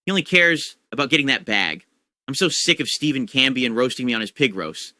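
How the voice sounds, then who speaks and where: A man's voice: medium pitch, lively intonation, brisk, pushed and bright, no room sound, studio quality. A man in a mocking, exaggerated rant, whiny and sarcastic.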